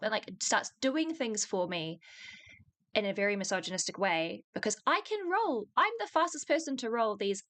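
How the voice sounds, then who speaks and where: A young woman with a New Zealand accent in her twenties, casually telling a long personal story on a podcast, animated, swearing freely and laughing between lines. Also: a little high, moderate pace. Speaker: podcast co-host.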